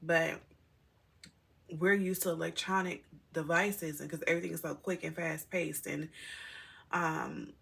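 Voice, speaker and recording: A woman's voice: low-pitched, animated, a little slow, gravelly, pauses often, fairly bright tone, slightly rough. A middle-aged mother telling her viewers a personal story in a candid, rambling, emotional way, often calling them y'all. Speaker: single mother vlogger.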